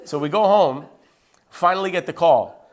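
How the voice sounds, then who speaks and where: A man telling a personal faith story in a lively, conversational way, acting out the dialogue as he goes. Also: on the high side, normal speed. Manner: acts out quoted dialogue with lively shifts; conversational, with "like" and "right?" asides. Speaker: Christian speaker sharing his testimony.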